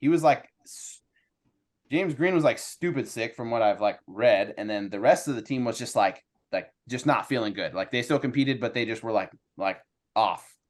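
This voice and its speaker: A man's voice: medium pitch, moderate pace. Teacher guy on a podcast, chatty, acts out the convo he had. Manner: animated storyteller, quotes himself and others. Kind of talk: casual chat.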